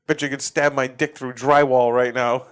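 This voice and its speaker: Profane ranting comedian with a smooth voice. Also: male voice, medium pitch, little pitch movement, unhurried. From Massachusetts. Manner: profane, ranting, laughs at own jokes. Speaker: podcast host, comedian. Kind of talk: casual comedic rant. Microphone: facing a camera.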